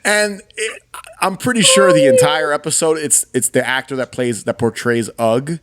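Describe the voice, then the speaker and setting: A man in his thirties with a fairly high voice speaks at a normal speed. He co-hosts a podcast, chatting casually and telling stories with animated enthusiasm and laughter.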